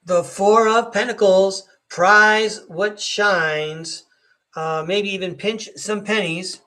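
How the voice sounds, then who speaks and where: A man's voice: high-pitched, steady tone, takes it slowly, pushed and bright. A middle-aged man giving a chatty, upbeat live tarot reading and speaking to viewers by name. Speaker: tarot reader hosting a live stream.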